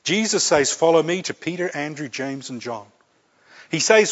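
A man's voice: a little high, lively intonation, moderate pace, fairly bright tone. A man preaching a sermon, earnest and repeating key phrases for emphasis. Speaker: pastor. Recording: dull lo-fi recording.

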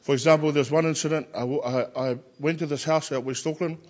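A man, a Christian chaplain, telling lively personal stories and acting out the voices of the people in them. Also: fairly high pitch, fairly quick, dull audio. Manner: animated anecdotes, acts out quoted voices. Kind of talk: personal storytelling.

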